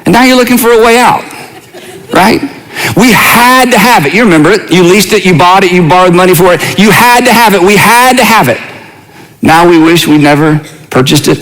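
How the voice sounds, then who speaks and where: A middle-aged man from the United States preaches in a relaxed, conversational way. He keeps turning to his listeners with questions. His voice sits notably high for a man. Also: brisk, poor audio. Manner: conversational, asks the audience questions. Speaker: pastor. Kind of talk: sermon.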